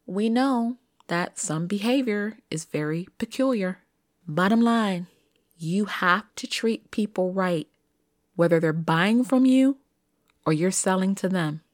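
A woman's voice: mid-range voice, slow, no room sound, clean studio sound. A middle-aged woman telling a story in a chatty, emphatic way, asking rhetorical questions, as a podcast host. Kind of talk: casual storytelling monologue.

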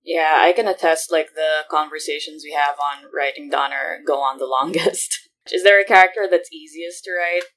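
Woman, podcast host, low-ish voice, relaxed, asking questions. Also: moderate pace, few pauses. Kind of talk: casual chat.

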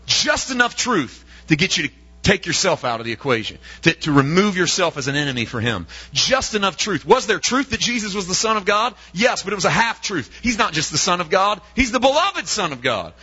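A man's voice: on the high side, sharp tone, husky, highs cut off. A male preacher delivering an emphatic sermon, often asking his listeners rhetorical questions.

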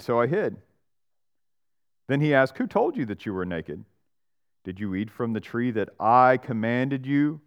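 Male pastor, mid-pitched voice, casual preaching style, slips into quick voices for the people in the story. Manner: conversational preaching with frequent "right?" and "like"; acts out Bible characters and church members in voices. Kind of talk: expository sermon.

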